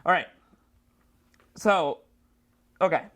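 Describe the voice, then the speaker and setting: Woman, comedian guest, storytelling, lowish voice, acts out both sides, jumpy delivery. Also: slow pace, fairly bright tone. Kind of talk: animated anecdote storytelling. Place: studio.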